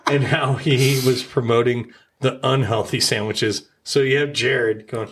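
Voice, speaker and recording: A man's voice: medium pitch, steady tone, a little slow, a little hiss or hum. A man co-hosting a casual podcast, telling a rambling story full of swearing. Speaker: podcast co-host.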